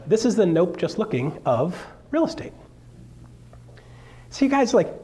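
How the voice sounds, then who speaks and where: A man giving a live stage talk to an audience, jokey and animated, acting out quotes as he tells stories. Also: high-pitched, normal speed, long pauses, slight background noise. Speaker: seminar speaker.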